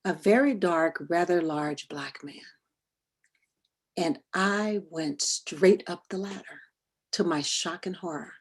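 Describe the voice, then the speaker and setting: A middle-aged woman giving a talk, telling a personal story expressively, sometimes dropping to a hush and sometimes rising with feeling, on a video call. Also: fairly low pitch, slow pace, husky. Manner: expressive, swings from hushed to animated. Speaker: workshop speaker on parenting and bias.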